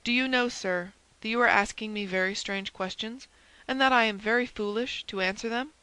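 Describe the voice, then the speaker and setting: A woman's voice: medium pitch, normal speed, sharp tone, clear, resonant tone, no echo, close to an everyday voice, rough recording. A woman reading the part of a proud, haughty English duke in an audiobook, her voice lifted and indignant. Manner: imperious, indignant.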